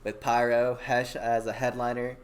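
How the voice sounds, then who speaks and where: Young man, podcast host, casual chat, excitable, swears freely, trails off mid-sentence. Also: medium pitch, normal speed.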